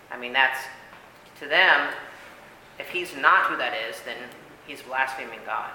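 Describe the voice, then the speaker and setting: In an echoey hall with faint room noise, a man with a mid-range, sharp-toned voice leads a casual church Bible study. He speaks emphatically, using lots of fillers and tagging on "right?"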